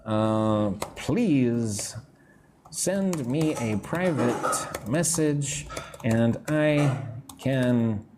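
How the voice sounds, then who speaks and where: A man teaching English on a live stream, modelling phrases slowly and greeting viewers between sentences. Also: mid-range voice, lively intonation, background noise. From United States. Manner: slow, deliberate modelling of phrases, chatting with viewers.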